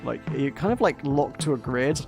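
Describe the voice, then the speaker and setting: A man's voice: medium pitch, expressive, normal speed, creaky, over music. A man hosting a gaming stream, talking casually and poking fun at himself. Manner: chatty, self-mocking. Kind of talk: casual let's-play commentary.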